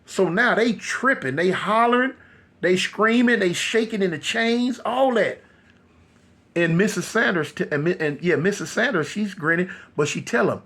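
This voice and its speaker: A man telling a horror story casually, animated and loose with many fillers. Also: high voice, moderate pace.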